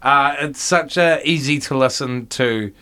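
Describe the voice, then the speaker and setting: Radio host, male, bright and forceful tone, halting friendly interviewer. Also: mid-range voice, clear, resonant tone. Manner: hesitant, frequent ums and restarts.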